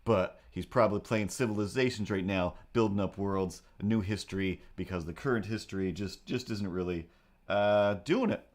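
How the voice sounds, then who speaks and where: Man, low-ish voice, rambling, playful, casual livestream chatter, coos at his cat. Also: moderate pace. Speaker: livestream host.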